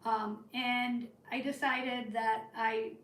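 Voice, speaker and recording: Chatty high-voiced woman, roomy and distant. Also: slow pace. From northern United States. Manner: chatty, rambling, animated storyteller. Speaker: live-stream crafting host. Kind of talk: casual storytelling to live chat.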